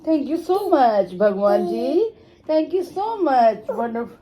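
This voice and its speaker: A woman's voice: high voice, big pitch swings, measured pace, lo-fi sound. A woman talking baby talk to her pet bird, repeating short phrases in a sing-song way with frequent laughter. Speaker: bird owner. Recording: loud chirping birds behind the voice.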